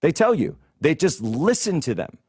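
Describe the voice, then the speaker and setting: A man's voice: fairly high pitch, huge pitch swings, normal speed, darkish tone, breathy edge, dry recording, studio quality. A man hosting a political commentary show, ranting in a combative, indignant way. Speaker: host.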